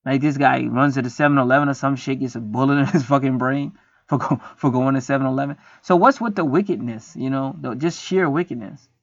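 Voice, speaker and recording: A man's voice: mid-range voice, brisk, no room sound. A man talking in a rambling, profane, preachy casual monologue as host of a spiritual video. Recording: dry, dull lo-fi sound.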